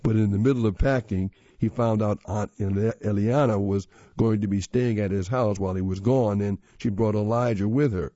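A man narrating a children's story in a steady, expressive reading voice. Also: fairly low pitch, moderate pace, hardly any pauses, dry recording. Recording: slightly dull lo-fi audio.

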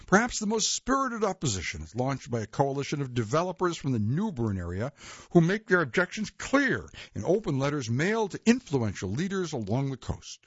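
A man with a husky voice reads nonfiction aloud, his pitch rising and falling with plenty of movement. The reading is measured, with a stumble or self-correction here and there. The recording is dull and lo-fi, with a dry, close sound. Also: dry recording. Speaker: reader. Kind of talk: read-aloud nonfiction narration.

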